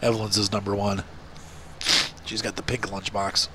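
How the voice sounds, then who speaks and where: Recorded amid very heavy noise, a middle-aged man with a congested nose plays a farming game and chats as a gaming video host, rambling and making fun of himself. He talks at a moderate pace in a fairly low, flat voice.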